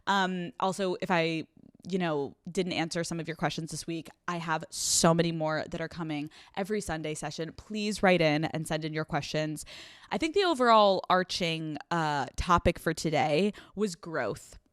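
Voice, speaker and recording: A woman's voice: low-pitched, moderate pace, smooth, no room sound, studio quality. A young woman hosting an advice podcast, talking bluntly and swearing freely, running on no sleep. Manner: blunt, profane, animated; acts out scenes with quoted voices. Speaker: podcast host.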